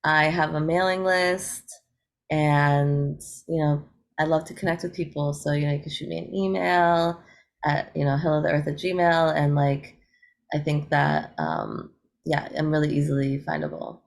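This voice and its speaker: A woman's voice: sits low, normal speed, gravelly. A woman, a guest on an interview show, talking casually and upbeat, with lots of fillers and frequent laughter. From United States. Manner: chatty, upbeat, laughs often, many fillers. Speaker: guest, eco-rapper.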